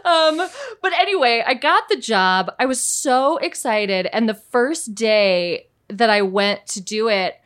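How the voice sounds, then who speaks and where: A woman guest on a podcast, an actress telling stories in a chatty, animated way. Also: a little high, slow. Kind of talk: casual podcast chat.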